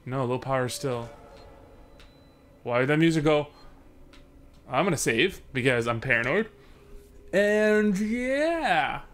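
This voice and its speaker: A young man from Sudbury, Canada, hosts a let's play of a horror game, speaking in a slightly bright, mid-range voice at normal speed with long pauses. He jokes around, and when something scares him he panics, yelps, and swears.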